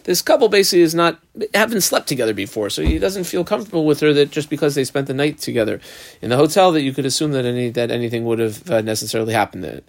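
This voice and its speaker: A man's voice: medium pitch, lively intonation, fast, creaky, no echo. A man giving a casual Talmud lesson, reading Aramaic phrases and explaining them in English. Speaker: Talmud teacher.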